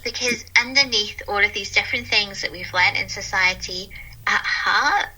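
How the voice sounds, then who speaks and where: A woman speaks as an interview guest with a very bright, clear-toned voice. She tells her stories earnestly and warmly. She often breaks into laughter as she talks. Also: mid-range voice, moderate pace, poor audio. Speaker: guest, calm mentor. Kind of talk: casual interview storytelling.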